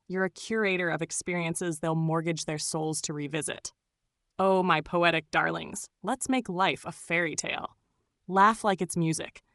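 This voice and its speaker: A woman's voice: fairly low pitch, a bit bright, no room sound. A woman reading scripted narration in a gushing, doting way, full of pet names.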